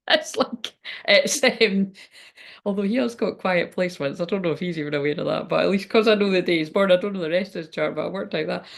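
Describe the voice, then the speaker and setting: Chatty woman with a gravelly fry. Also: lowish voice. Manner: chatty and rambling. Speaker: spiritual card reader. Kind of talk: casual livestream card reading.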